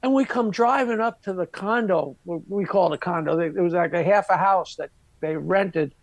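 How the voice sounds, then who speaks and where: A man's voice: sits high, normal speed, vocal fry, no room sound. A man from Long Island, a comedian guest telling a crude, brash anecdote. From Long Island, New York. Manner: brash, crude, mimics other people. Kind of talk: profane storytelling anecdote.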